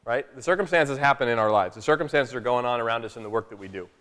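A man telling a family story to a live workshop audience in an animated, chatty way, often asking "right?". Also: medium pitch, fast talker. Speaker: speaker at a workshop. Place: large room with a live audience. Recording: long echo of a large hall.

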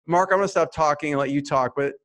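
Male interviewer, chatty and keen, slightly higher voice. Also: fast, a bit bright. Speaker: podcast host.

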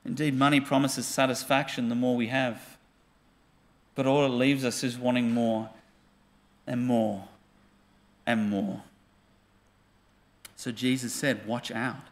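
A man's voice: mid-range voice, flat delivery, slow, pauses often. A male pastor, preaching earnestly and putting questions to his congregation. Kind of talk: sermon.

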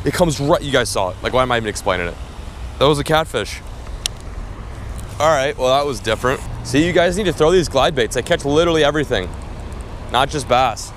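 A young man vlogging a fishing trip in casual chat, who gets loud and excited when fish bite. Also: medium pitch, brisk, pauses often, slight background noise. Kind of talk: casual vlog narration. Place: outdoors at city ponds, later in a car.

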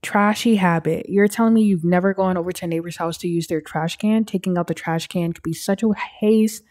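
A young woman casually narrating her life-simulation game, chatting and putting quick voices on the characters. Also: fairly low pitch, darkish tone. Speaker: let's play gamer. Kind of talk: casual gameplay commentary.

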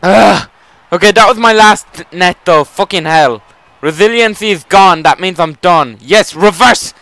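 A young man commentating his own wrestling video game match live, excitable and swearing, shouting at the screen. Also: sits high, measured pace, no room sound.

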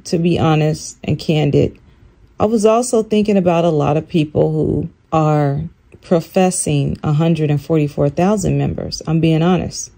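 Older woman telling a story, mellow voice. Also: gravelly. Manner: animated, acts out quoted lines in a higher voice. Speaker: channel host. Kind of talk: casual storytelling.

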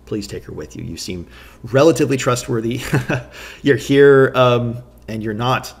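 A man voicing a desperate young male village leader who pleads in halting bursts. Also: medium pitch, pitched above the performer's own voice, lightly acted. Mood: pleading.

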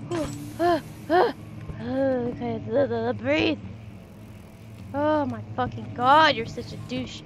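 A woman's voice: high voice, slow. A young woman commentating a horror game casually, jumpy and swearing as she talks back to the game. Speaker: gamer. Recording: noisy recording.

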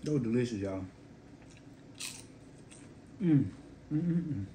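A man's voice: medium pitch, expressive, slow, warm tone, slight background noise. A young man hosting his own casual cooking vlog, laid-back and talking straight to his viewers while he tastes his food. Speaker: cooking vlogger.

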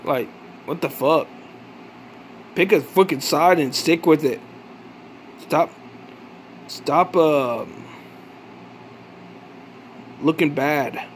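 High-voiced man ranting angrily. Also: slight background noise. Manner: accusatory, profane, halting restarts. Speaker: vlogger. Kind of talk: angry ranting monologue.

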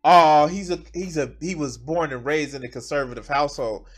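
High-voiced man ranting profanely. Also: brisk, soft background music. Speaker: streamer. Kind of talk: live reaction commentary.

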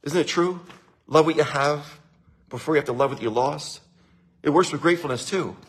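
A man's voice: fairly high pitch, normal speed, slightly rough. A man who owns a winery giving an enthusiastic, repetitive motivational talk, laughing often.

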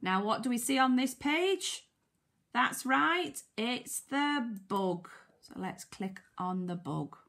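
A woman's voice: a little high, expressive, gravelly, fairly bright tone. A woman teacher with a British accent, reading a picture book to young children and sounding out letters. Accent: British English. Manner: slow, sing-song, sounds out letters, asks children questions. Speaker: primary school teacher.

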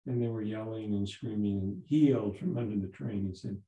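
Gravelly, dark-voiced older man teaching. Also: lowish voice. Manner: halting, repeats words and restarts. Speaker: Zen teacher. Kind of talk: dharma talk, storytelling. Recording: roomy echo.

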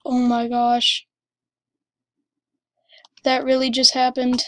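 A woman giving excited commentary over her gameplay, gushing and exclaiming breathlessly. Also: high-pitched, takes it slowly, long pauses, no room sound. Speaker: gamer.

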